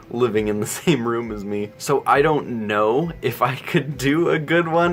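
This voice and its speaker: A man's voice: medium pitch, fairly bright tone. A young man hosting a casual Q&A vlog, rambling and self-deprecating, chuckling often. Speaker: YouTube channel host.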